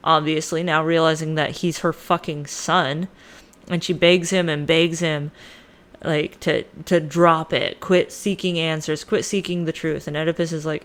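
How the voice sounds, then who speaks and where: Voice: mid-range voice, level tone, moderate pace, a bit bright. Podcast host retelling myths, swears a lot, super casual and slangy. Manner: profane, slangy, irreverent.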